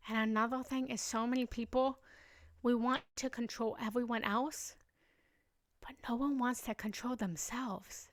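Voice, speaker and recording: Speaking in a sharp, rather high voice, a young woman leads a live meditation stream as a casual chat. She is emotional and gushing, and she laughs often.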